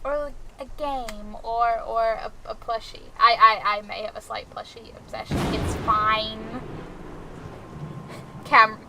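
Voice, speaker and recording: Giggly high-voiced young woman streamer. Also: level tone, slow, background noise. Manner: chatty, giggly, swings between high and chill. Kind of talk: casual chat with live chat.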